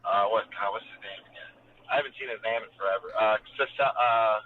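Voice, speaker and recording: A man's voice: fairly low pitch, fairly quick, slight background noise. A man calling in to a podcast by phone while driving, laid-back and hesitant with many fillers. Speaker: guest calling in. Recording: tinny phone line cutting out.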